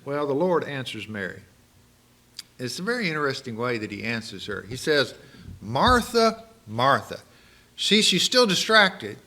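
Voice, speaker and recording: An animated male preacher gives a sermon and often stops to ask the congregation rhetorical questions. His voice is bright and forceful. His pitch swings in a lively way from line to line. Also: moderate pace.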